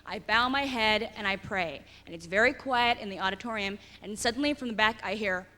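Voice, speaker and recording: A woman doing stand-up comedy on a theater stage, animated and acting out the people in her stories. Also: medium pitch, a little fast. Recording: reverberant hall with loud crowd. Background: audience laughter.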